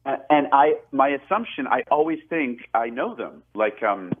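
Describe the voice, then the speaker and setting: This guest, an actor and film director in his forties, talks casually in a phone interview, rambling with plenty of restarts, laughter and self-deprecation. His voice is medium-pitched and animated at a normal speed, and the tinny line carries a slight hiss or hum.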